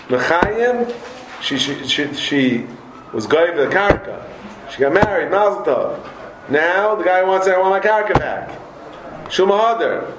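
A man giving a Talmud class lecture, animated, repeating words and joking with his students. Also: a little high, noisy background. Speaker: Talmud teacher. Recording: roomy echoey room.

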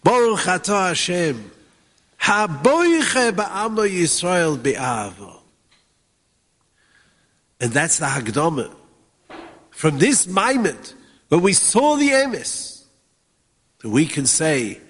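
A man with a Yeshivish English accent teaching Torah, chanting Hebrew verses in a sing-song that swings from hushed to soaring. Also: sits high, very animated, takes it slowly, pauses often, breathy edge, big-room sound. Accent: Yeshivish English with Ashkenazi Hebrew pronunciation. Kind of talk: Yiddish-inflected Torah talk.

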